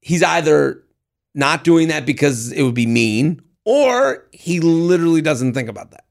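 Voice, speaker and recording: Podcast co-host, male, thirties, gravelly, fairly high voice, animated and jokey, casual chat. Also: a little slow. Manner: animated, jokey, lots of restarts.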